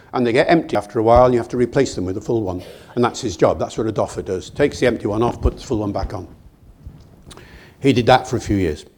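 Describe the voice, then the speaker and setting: An older British man giving a public lecture, telling stories in a lively, digressive way with acted quotes. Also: mid-range voice. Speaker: guest lecturer. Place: lecture hall.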